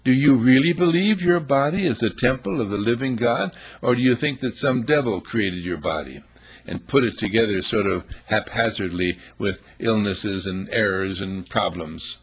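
A man's voice: lowish voice, normal speed, breathy edge. A man preaching a sermon, emphatic and full of rhetorical questions, acting out little scenes as he goes.

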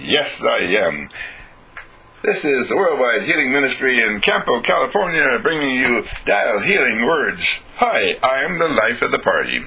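A man's voice: medium pitch, big pitch swings, moderate pace, pushed and bright, breathy edge, low-quality recording. A man from a ministry giving a recorded inspirational message, full of exuberant, repetitive affirmations. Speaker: ministry speaker.

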